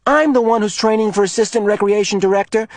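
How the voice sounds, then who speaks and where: Man voicing a bossy storybook boy, much higher, loud and indignant, quite dry sound. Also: steady tone, fast talker, no echo. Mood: irritated. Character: irritated boastful boy playing war games.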